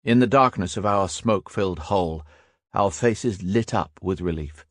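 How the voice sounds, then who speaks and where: A man reading a war memoir audiobook as scripted narration, raising his voice for characters' shouts. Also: sits low, moderate pace, dry recording, studio quality.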